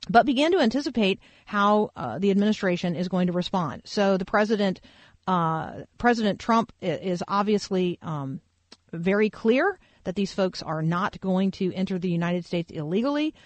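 A woman hosts a faith-based radio talk show, her voice close and dry in the studio. She talks through the headlines casually, in a middle-pitched voice. She pads her thoughts with fillers and restarts. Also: animated, normal speed, dry recording. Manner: conversational, many fillers, thinks aloud. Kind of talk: faith-based news commentary.

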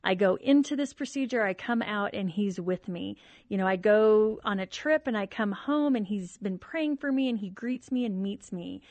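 A wife as a guest on a talk show, speaking sincerely and cheerfully. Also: female voice, mid-range voice, moderate pace, darkish tone, dry recording. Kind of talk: conversational interview.

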